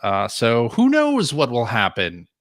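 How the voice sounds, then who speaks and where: A man's voice: mid-range voice, wildly swooping pitch, unhurried, dry recording, studio quality. A man co-hosting a podcast in casual chat, upbeat and laughing often. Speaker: podcast co-host.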